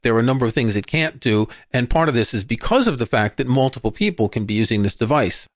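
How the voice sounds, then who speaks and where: A man from England talks casually as a podcast co-host, trading quick jokes and asides. His voice sits at a middle pitch. The sound is dry and close, with no room around it. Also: animated, no room sound. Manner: chatty, joking, quick asides.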